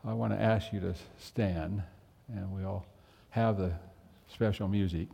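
A man's voice: low voice, steady tone, unhurried, gravelly, dark tone, long reverb tail. A man preaching a sermon as pastor, telling a folksy story and asking the congregation direct questions.

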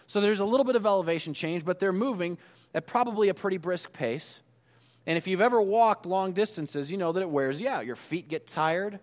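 Male pastor, conversational sermon delivery, slightly high voice, big reverberant hall. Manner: conversational, animated storytelling.

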